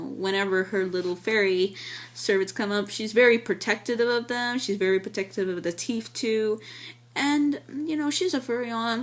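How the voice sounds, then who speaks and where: A woman giving a casual, enthusiastic film review, rambling with many fillers and restarts. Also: mid-range voice.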